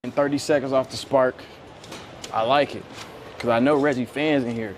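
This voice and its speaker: A man's voice: mid-range voice, fairly even intonation, moderate pace. A young man live-streaming outdoors in a city, joking and trash-talking in casual slang. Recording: outdoor street noise with traffic.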